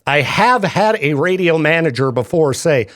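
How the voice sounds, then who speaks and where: A male radio DJ with a high, bouncy voice that swoops up and down as he jokes with his co-host. He talks casually into a studio microphone and laughs often. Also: lively intonation, fairly bright tone. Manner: jokey, chatty, quick laughs.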